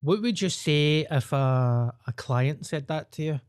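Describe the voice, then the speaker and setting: Joking podcast co-host. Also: male voice, on the high side, measured pace, hardly any pauses, darkish tone, smooth. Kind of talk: casual chat.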